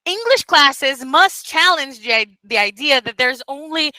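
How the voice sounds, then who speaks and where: A woman's voice: sits high, lively intonation, measured pace, pushed and bright, no echo, poor audio. A woman mentoring beginner teachers in a casual online session, speaking bluntly and emphatically, with profanity and Portuguese phrases mixed in. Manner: code-switches into Portuguese phrases. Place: Brazil.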